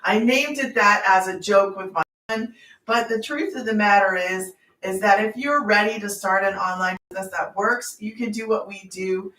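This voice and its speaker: A woman's voice: medium pitch, moderate pace, pushed and bright, recorded from a distance. Brief: middle-aged woman, emphatic livestream host who rambles, recorded on a phone held a little away in a roomy space. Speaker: online business host. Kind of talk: casual livestream chat. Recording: roomy sound, off-mic.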